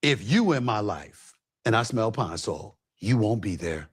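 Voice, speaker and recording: A man's voice: fairly low pitch, sing-song, moderate pace, breathy edge. A man on a talk panel, speaking emphatically and in a casual way, often repeating words for effect.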